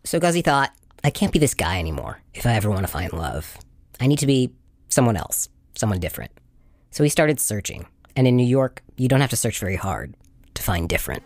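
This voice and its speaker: A man narrating a scripted radio story in a husky voice, with a dramatic delivery. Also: mid-range voice, sing-song, brisk, no echo, studio quality. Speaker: podcast host narrator.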